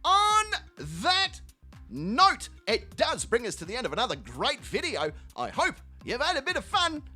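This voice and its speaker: A man's voice: extremely high pitch, wildly swooping pitch, a little slow, pushed and bright, faint music behind. A man hosting a video channel, delivering a profane, rambling comic outro. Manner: profane, rambling, mock-storytelling. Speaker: channel host. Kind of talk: comedic video outro rant.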